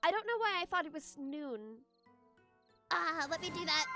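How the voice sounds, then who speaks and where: A woman's voice: very high voice, animated, moderate pace, pushed and bright, soft background music. A young woman streaming a game, chatting casually with her viewers and giggling often as she gushes her thanks.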